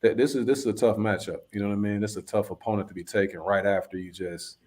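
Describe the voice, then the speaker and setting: A man on a casual podcast chat who talks in a measured, analytical way. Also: lowish voice, fairly even intonation, a little mellow.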